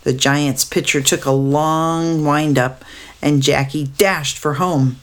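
Lady reading a storybook out loud, slow and unhurried, steady telling. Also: deep voice. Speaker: narrator. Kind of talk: storybook read aloud.

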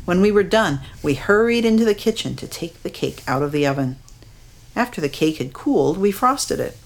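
A woman reading a children's story aloud, expressive, counting aloud and acting out the sound effects. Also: fairly low pitch, moderate pace.

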